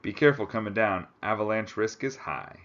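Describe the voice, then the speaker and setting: A no-nonsense expedition man gives brisk, matter-of-fact instructions, as a man reading a storybook voices him. The voice is low and the audio slightly muffled. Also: expressive, a bit bright.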